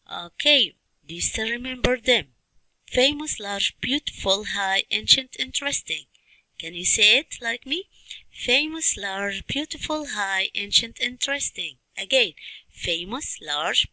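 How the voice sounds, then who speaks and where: A woman teaching a children's English lesson, speaking slowly and clearly and repeating questions and word drills. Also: on the high side, pushed and bright, no echo, rough recording. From Libya. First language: Arabic.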